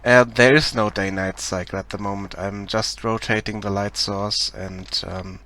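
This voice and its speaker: Speaking with a German accent, a man from Germany casually walks through his game project on a live stream, hesitant, full of ums, pauses and restarts, and laughing shyly. His voice is lowish with a steady, sharp tone.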